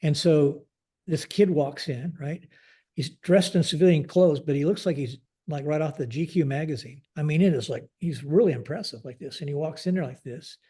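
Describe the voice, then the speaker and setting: A retired Air Force general in his sixties, guesting on a podcast, tells stories conversationally in a mellow, slightly high, husky voice. He's halting, restarts often, and keeps saying "like this".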